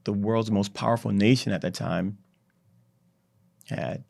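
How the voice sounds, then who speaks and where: A man guest on a podcast, telling a history story in an animated, drawn-out way. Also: lowish voice, gravelly. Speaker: startup CEO, podcast guest. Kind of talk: conversational storytelling.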